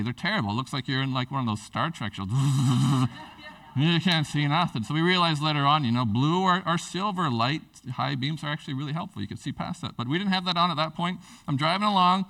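A man preaching a sermon with earnest, lively storytelling, often restarting his sentences. His voice sits a little high and has a bright edge. It is caught from some distance off the mic. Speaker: pastor.

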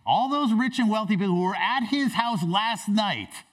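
A pastor in a church, preaching a sermon with animated, dramatic storytelling. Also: male voice, high voice, normal speed, far from the mic.

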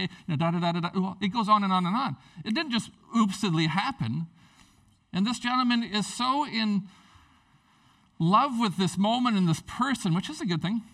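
Male pastor with a lightly raised pitch, joking sermon delivery, recorded from some distance. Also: moderate pace, gravelly. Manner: animated, jokey, acts out characters in quotes.

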